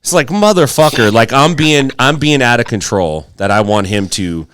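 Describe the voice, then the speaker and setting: Animated, swearing man telling a story. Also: mid-range voice, normal speed, clear, resonant tone, no room sound. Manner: animated storyteller, swears freely, acts out quotes. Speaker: podcast co-host. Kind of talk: casual storytelling chat.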